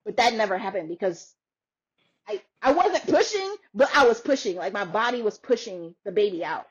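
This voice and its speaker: A woman's voice: medium pitch, a little fast, slightly rough. A woman podcaster in a casual chat, telling a story with lots of laughter and acting out what others said. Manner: animated, laughs often, acts out quoted voices. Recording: dull lo-fi sound.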